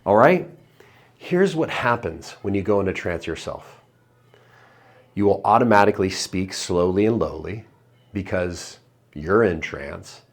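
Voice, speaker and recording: A man with a fairly low voice teaching hypnosis on video. He explains in an easy, conversational way, then slows right down and sinks lower when he gives suggestions and breathing cues. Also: lively intonation. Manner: drops into slow low trance voice for suggestions; conversational, upbeat between demonstrations. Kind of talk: video lesson with guided breathing demo.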